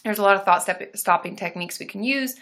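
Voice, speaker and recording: A young woman therapist answering viewer questions on a casual live stream, chatty and warm, with sudden loud whooping between answers. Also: medium pitch, fast talker, background noise. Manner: chatty, reads viewer comments aloud, bursts into loud monkey whoops.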